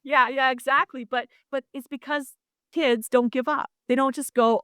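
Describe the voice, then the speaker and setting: A woman's voice: high voice, normal speed, fairly bright tone, clean tone, no echo, studio quality. A woman in her fifties co-hosting a casual podcast chat, speaking in an encouraging, emphatic way. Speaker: podcast co-host, artist.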